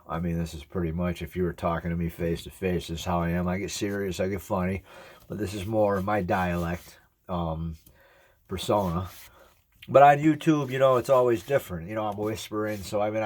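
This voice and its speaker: A man's voice: low voice, a little mellow. A man in his forties talking earnestly to his viewers in a rambling, reflective way, eating as he speaks. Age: 40s. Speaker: ASMR YouTuber. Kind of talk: casual reflective talk to camera.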